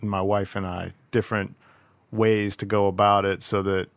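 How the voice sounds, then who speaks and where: A man's voice: fairly low pitch, flat delivery, moderate pace, dry recording. A man in casual chat, talking reflectively about parenting and thinking aloud with many restarts. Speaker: podcast co-host, parent.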